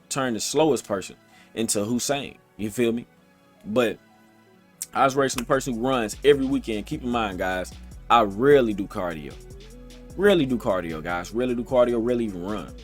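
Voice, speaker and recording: A man at a mid-pitched, ordinary register talks to the camera, pressing each point with repeats and calling his viewers guys and man. His speech is loose and colloquial. A faint bed of music sits behind him. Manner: emphatic, repetitive, addresses viewers as guys and man; colloquial, streetwise phrasing. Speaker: motivational vlogger. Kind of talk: casual direct-to-camera talk. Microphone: streaming setup, computer recording.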